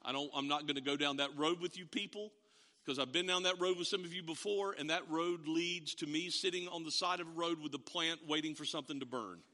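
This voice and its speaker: A man preaching a sermon, telling a family story with animated, acted-out quotes. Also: a little high, brisk, long reverb tail. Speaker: pastor.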